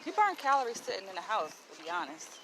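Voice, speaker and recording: A woman's voice: medium pitch, big pitch swings, fast talker, fairly bright tone, low-quality recording. A woman talking to her viewers while walking outdoors, chatty and blunt, calling them y'all. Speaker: vlogger. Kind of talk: casual walking vlog. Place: outdoors on a city walk. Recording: outdoor street noise.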